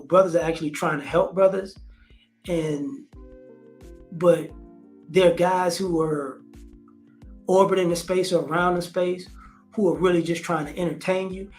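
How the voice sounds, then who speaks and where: A man's voice: sits high, fairly even intonation, moderate pace, long pauses, faint music behind. A man hosting a casual commentary vlog, talking in slang, repeating phrases and acting out quotes. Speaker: host.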